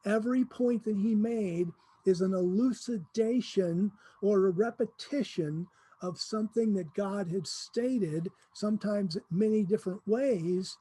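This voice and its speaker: A relaxed, dark-toned voice with a husky edge, recorded close and dry. A Bible teacher explaining scripture casually, acting out what people say with a touch of humor. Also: mid-range voice, a little slow, no echo. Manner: informal, acts out quoted speakers with humor.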